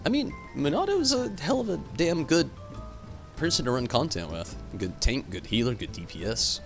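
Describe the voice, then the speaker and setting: A man's voice: medium pitch, big pitch swings, moderate pace, gravelly, music in the background. A man streaming a game live, rambling animatedly, answering chat and swearing casually. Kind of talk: live gameplay stream commentary.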